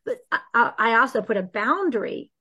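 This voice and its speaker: Woman guest, a bit high-pitched, earnest and animated, for a faith talk. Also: fairly quick, slightly rough, highs cut off. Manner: earnest, animated, acts out quoted prayers. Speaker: guest speaker. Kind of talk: faith-based conversation on healing.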